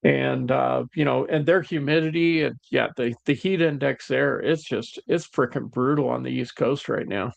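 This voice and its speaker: Gravelly blunt male co-host. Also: mid-range voice, moderate pace, few pauses, no echo. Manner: blunt, gruff, swearing. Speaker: rideshare driver, co-host. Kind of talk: casual chat.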